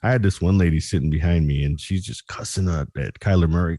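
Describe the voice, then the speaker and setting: A man hosting a podcast, telling stories in an animated way and imitating people. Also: deep voice, fast, hardly any pauses, no room sound, clean studio sound. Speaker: podcast host. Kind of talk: casual podcast chat.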